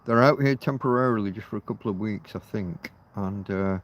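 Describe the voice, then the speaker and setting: A man's voice: on the low side, brisk, slight background noise. A middle-aged man hosting a casual livestream outdoors at night. He rambles, muses aloud and swears offhandedly. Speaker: livestream host.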